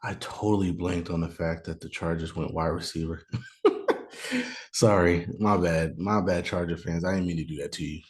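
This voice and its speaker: A man's voice: deep voice, fairly even intonation, normal speed. A man hosting a show, talking through a mock draft in a casual, think-aloud way, with bursts of joking outrage. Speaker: podcast host doing a mock draft. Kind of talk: casual solo commentary. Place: room at home, noise outside.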